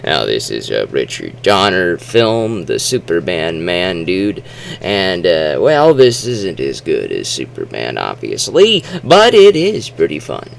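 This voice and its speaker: Male reviewer, casual and rambling, low and gravelly, lively pitch, quick to play out quotes in voices. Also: a little hiss or hum. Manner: rambling and chatty, with many fillers and restarts; acts out quotes in animated voices. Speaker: movie reviewer. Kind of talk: casual spoken movie review.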